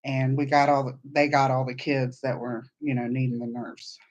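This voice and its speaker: A woman's voice: a bass voice, level tone, normal speed, darkish tone. A woman hosting a casual livestream chat, telling meandering, chatty stories. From Southern United States. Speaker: podcast host.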